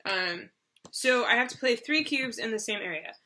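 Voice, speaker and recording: A woman's voice: fairly high pitch, animated, normal speed, pushed and bright. A woman co-hosting a board game video, casually explaining the rules with lots of fillers and restarts. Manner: chatty, loose with fillers and restarts.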